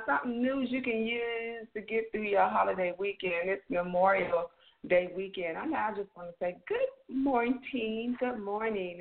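A woman's voice: fairly low pitch, gravelly. A woman, hosting a casual morning talk show with upbeat, folksy greetings. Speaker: co-host. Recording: tinny phone-like audio.

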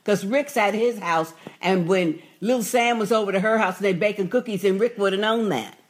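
A woman's voice: medium pitch, a little fast. A woman co-hosting a podcast, chatting casually about a TV episode, emphatic and full of agreeing interjections. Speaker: podcast co-host. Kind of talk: casual chat recapping a TV episode.

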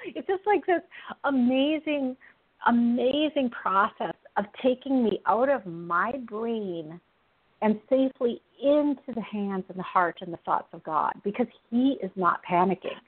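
A woman's voice: on the high side, expressive, measured pace, slightly rough. A woman hosting a Christian talk show, telling personal stories earnestly and with animation, often laughing. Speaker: radio show host. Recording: tinny phone-like sound.

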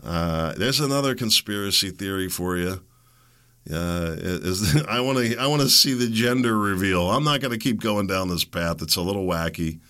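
A man's voice: low voice, animated, normal speed, pushed and bright. A middle-aged man hosting his own podcast, talking casually on his own in a rambling, wry way and chuckling at his own jokes. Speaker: podcast host. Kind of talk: casual solo podcast monologue.

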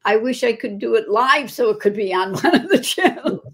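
An older woman, a guest performer, telling lively anecdotes in a casual chat. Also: a little high, fairly quick, slightly rough.

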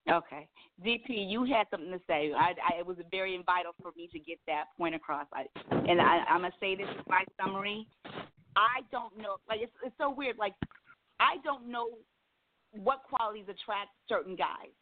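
A woman's voice: mid-range voice, normal speed, background noise. Female talk-radio co-host: rambling, hesitant, lots of restarts; phone-like sound. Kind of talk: heated radio banter. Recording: tinny phone-like radio line.

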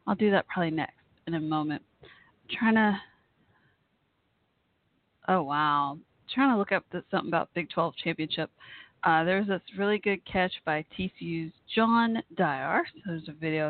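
A woman hosting a live call-in show, chatting casually and giggling often, warm and effusive toward her listeners. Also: lowish voice, no echo. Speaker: radio show host. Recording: tinny phone-like line, dry.

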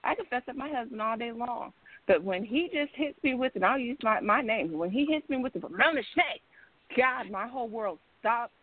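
The caller's slightly high voice comes through a tinny phone connection, animated and at normal speed. She rambles on at length on the casual discussion show, emphatic and repetitive.

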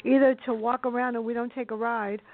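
Higher-voiced woman on a phone line. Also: brisk, dry recording. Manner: chatty, animated storyteller. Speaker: book reviewer guest. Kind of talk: casual chat on a call-in show.

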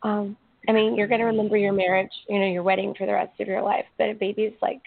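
A woman hosts a casual interview, her voice thin and tinny as if coming down a phone line. She sounds dry and close, with a gravelly edge. She is openly emotional and rambles through filler words and restarts. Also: medium pitch, little pitch movement, quick pace, dry recording. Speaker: podcast host. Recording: tinny call audio.

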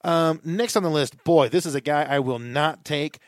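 A man's voice: fairly high pitch, normal speed, no echo, studio quality. A man co-hosting a podcast, giving opinionated views in casual chat and thinking aloud. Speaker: podcast co-host. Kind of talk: casual fantasy baseball chat.

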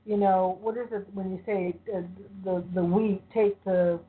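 A woman in a casual conversation, speaking supportively and pausing to search for words. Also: mid-range voice, fairly even intonation. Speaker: interviewer, co-host. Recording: narrow phone-like sound.

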